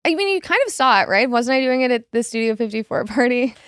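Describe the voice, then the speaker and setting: A woman's voice: on the high side, expressive, fast talker, clear, resonant tone, dry recording, studio quality. A woman from Massachusetts, a reality TV cast member, chatting casually as a podcast guest in a playful, filler-heavy valley-girl lilt. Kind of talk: casual chat. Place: studio couch.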